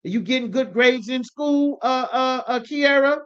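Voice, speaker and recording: A man's voice: very high-pitched, moderate pace, a bit bright, clean tone, muffled recording, pitched above the performer's own voice. A man voicing a chatty female nail salon worker who makes friendly, overly familiar small talk. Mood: chirpy, familiar.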